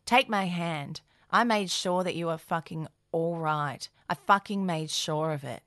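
A woman voicing an intense, profane teenage boy pressing a friend to keep quiet. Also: lowish voice, unhurried, dry recording, clean studio sound. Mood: intimidating.

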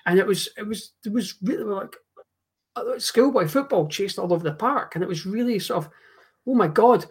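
A man, co-hosting a football podcast, emphatic and swearing in fast bursts. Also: high voice, husky. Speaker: podcast co-host. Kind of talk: casual football chat.

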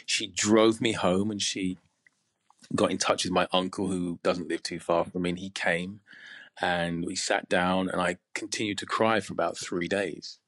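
An English man from the UK, speaking as a podcast guest in a reflective, measured way with frequent pauses. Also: sits low, fairly even intonation, a bit bright, dry recording, clean studio sound. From United Kingdom. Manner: reflective, measured, pausing often. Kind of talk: candid interview conversation.

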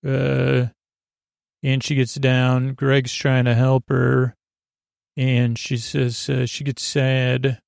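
Male podcast host, rambling sleepy recap, raspy fry in the voice, dead-dry booth sound. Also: medium pitch, completely flat delivery, extremely slow, a little mellow, no room sound. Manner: rambling, loose retelling with many fillers. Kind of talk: lulling bedtime recap of a TV episode.

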